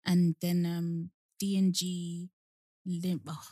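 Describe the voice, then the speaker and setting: Chatty young woman, lowish voice. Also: level tone, slow, dark tone, no echo. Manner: chatty, laughs easily, spells out names. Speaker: podcast co-host. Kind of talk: casual chat.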